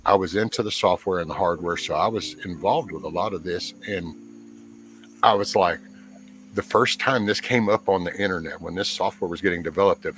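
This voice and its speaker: Very deep-voiced man telling a long story. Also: brisk, fairly bright tone, rough recording. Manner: rambling, earnest storytelling with many restarts. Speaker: guest panelist. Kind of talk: casual livestream chat. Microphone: camera mic.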